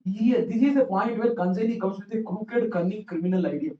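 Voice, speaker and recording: High-voiced lecturer. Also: male voice, fairly quick. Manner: animated storytelling with repeated phrases. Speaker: accounts teacher. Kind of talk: exam revision lecture. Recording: roomy, distant, dull classroom recording.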